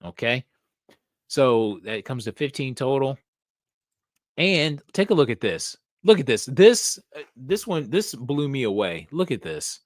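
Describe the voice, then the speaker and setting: A man hosting a casual live stream who talks unhurriedly, his pitch swinging a lot as he thinks aloud. He swears casually and perks up with excitement now and then. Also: unhurried, no room sound, clean studio sound. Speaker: host of a comic book live show.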